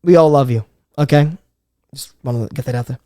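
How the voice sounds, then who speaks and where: A woman in her twenties hosting a podcast, telling a comic story in an animated, swearing way with stammered restarts. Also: extremely low pitch, fairly quick. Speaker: podcast host. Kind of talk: comedic storytelling monologue.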